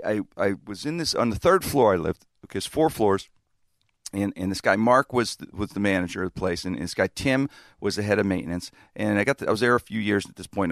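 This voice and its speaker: Guy hosting a chatty show, bright voice, swings way up and down telling stories, dry close sound. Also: lowish voice, dry recording. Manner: animated, laughing, shouts out quoted lines. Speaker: podcast host. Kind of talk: casual storytelling chat.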